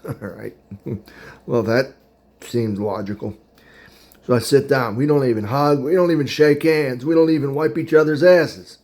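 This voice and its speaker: A man's voice: mid-range voice, moderate pace, a little mellow. Rambling man telling a dating story. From Pittsburgh area. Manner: rambling, chatty, laughs at his own story; eating while talking. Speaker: podcast host. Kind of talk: casual storytelling.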